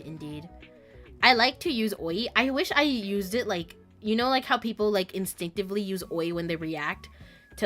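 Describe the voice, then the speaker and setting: Young woman, streamer chatting with chat, lively pitch, bright tone, giggly, faint music behind. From Canada. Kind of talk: casual chat with live chat.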